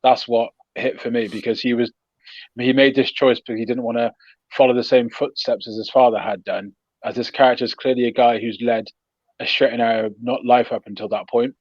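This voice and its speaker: A man's voice: medium pitch, fairly even intonation, a little fast, no room sound, muffled recording. Dry-sounding earnest male podcast co-host. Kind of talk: casual chat.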